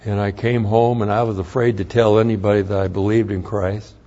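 An older man giving an earnest, plain-spoken personal testimony, with halting restarts as he tells his story. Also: on the low side, level tone, dark tone. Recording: dull lo-fi recording.

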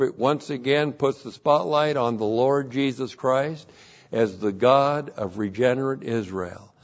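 A man teaching verse by verse through a Bible passage, slow and emphatic, repeating key phrases for weight. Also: medium pitch, lo-fi sound.

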